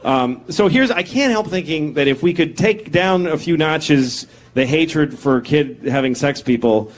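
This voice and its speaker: A man in his forties performing a self-deprecating, deadpan stand-up comedy set on stage. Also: fairly high pitch, a little slow. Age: 40s. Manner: deadpan, self-deprecating, acts out bits in character voices. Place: comedy stage before a live audience. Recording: live set with loud crowd laughter.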